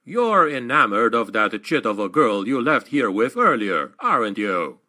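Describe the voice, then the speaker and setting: A man voicing a gruff, boisterous male dwarf warrior in an audiobook, teasing and mocking. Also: medium pitch, big pitch swings, unhurried, pushed and bright, full character voice.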